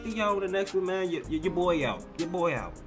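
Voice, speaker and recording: This American host of a laid-back reaction video talks quickly in a high, animated voice while music plays underneath. Sounding incredulous, he repeats himself, trips over words, and throws in "bro" constantly.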